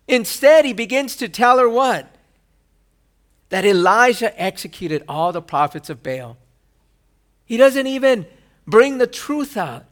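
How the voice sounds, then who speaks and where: A male pastor preaching a sermon. He asks rhetorical questions and acts out quoted lines with sudden loud bursts. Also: very high-pitched.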